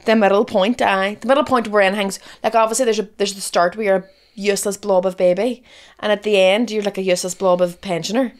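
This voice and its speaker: A woman's voice: mid-range voice, fairly even intonation, quick pace. A woman in her thirties with a Northern Irish accent, co-hosting a podcast, talking frankly with lots of restarts and swearing. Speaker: podcast co-host, comedian. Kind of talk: casual chat.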